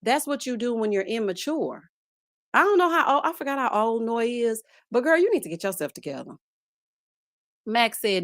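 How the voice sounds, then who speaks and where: A woman hosting a casual reality TV recap, sassy and animated, calling her viewers child and baby and breaking into laughs. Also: fairly quick, dry recording. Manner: bursts into high laughs. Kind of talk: casual chat.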